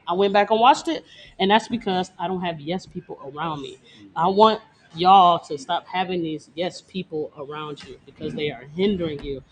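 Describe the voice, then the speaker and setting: Woman dancer, brash and profane, quick laughs, no-nonsense. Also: on the low side. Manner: blunt, profane, boastful, laughs often. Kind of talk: casual interview talk. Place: Detroit.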